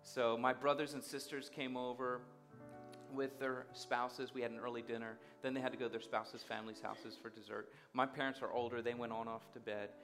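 A man's voice: mid-range voice, flat delivery, fast, few pauses, a bit bright. Brief: male preacher, vivid storyteller who acts out the dialogue, guitar music underneath. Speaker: guest speaker. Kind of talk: sermon storytelling.

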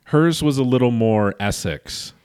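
A man's voice: medium pitch, expressive, a little slow, darkish tone, clear, resonant tone. A man co-hosting a podcast, chatting casually about reality TV and tossing in dry, sarcastic quips. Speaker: podcast co-host. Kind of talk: casual reality-TV recap chat.

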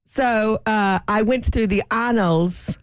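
A woman co-host in casual radio banter, talking unhurried and a little sheepish. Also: medium pitch, no echo. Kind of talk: casual morning-show banter.

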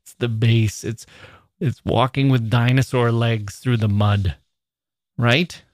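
A man's voice: medium pitch, fairly even intonation, dry recording. Male podcast host, mid-range voice, dry close sound; reflective talk on poetry, leans into the quoted lines. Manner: thoughtful, reads verse lines slowly and deliberately. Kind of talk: answering a listener's email on poetry.

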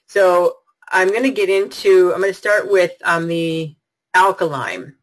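A woman's voice: lowish voice, measured pace, poor audio. Bubbly woman hosting a webinar. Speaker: webinar host. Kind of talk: live online product webinar.

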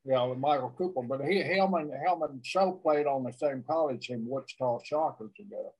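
A man's voice: mid-range voice, moderate pace, a little mellow, husky, rough recording. Regular mid-range guy, folksy easygoing storyteller. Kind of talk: casual storytelling chat.

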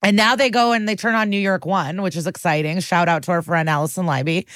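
A woman's voice: fairly low pitch, steady tone, quick pace, a bit bright, no room sound, clean studio sound. A woman co-hosting a podcast, recapping a TV episode in a chatty, profane way and acting out the characters' lines. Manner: chatty, profane, acts out quotes. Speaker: podcast co-host.

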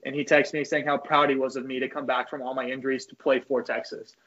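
A young man, a former college pitcher, telling loose, profane stories as a podcast guest. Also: little pitch movement, fast talker, fairly bright tone, lo-fi sound. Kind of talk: casual podcast chat.

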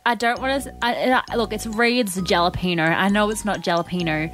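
A woman's voice: medium pitch, a little fast, a bit bright, soft background music. An Australian woman co-hosting breakfast radio, chatty and self-mocking, often laughing at herself. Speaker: radio co-host.

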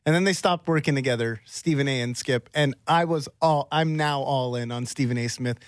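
A man's voice: medium pitch, fairly quick, dry recording, clean studio sound. A man co-hosting a sports radio show, talking enthusiastically and stumbling over repeated words. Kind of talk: casual sports talk.

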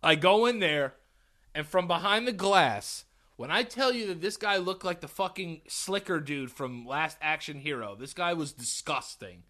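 Young male podcast co-host, bright, slightly high voice, animated and profane storyteller. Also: normal speed. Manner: profane, animated retelling with put-on dialogue. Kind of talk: casual storytelling chat.

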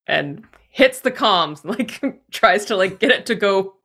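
Bright-voiced woman playing a tabletop game. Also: mid-range voice, lively intonation, takes it slowly. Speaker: player.

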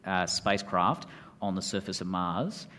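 A man's voice: low voice, lively intonation, normal speed, sharp tone. A man co-hosting a podcast and speaking at an event, earnest and chatty. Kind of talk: casual chat.

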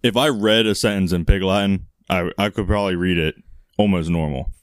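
A man with a lowish voice co-hosts a loose comedy chat, tossing out crude jokes and laughing often. The sound is close and dry. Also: fairly even intonation, fairly quick, no echo. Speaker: podcast co-host.

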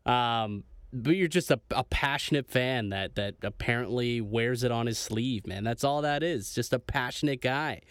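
A man's voice: medium pitch, normal speed, a bit bright, clean tone, no echo, clean studio sound. A man hosting a podcast in casual chat, eagerly pressing his guest for stories. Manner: laughing, eager interviewer. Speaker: podcast host.

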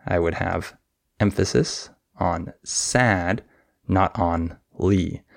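A man with a low voice and a gravelly edge teaches English pronunciation at an unhurried pace. He explains patiently and models example words with exaggerated stress. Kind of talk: podcast lesson.

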